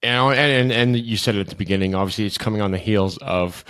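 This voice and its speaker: A man's voice: fairly low pitch, fast talker, fairly bright tone, clean tone. A man co-hosting a podcast, talking casually in rambling sentences. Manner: rambling, many fillers and restarts. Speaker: podcast co-host. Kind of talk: casual conversational chat.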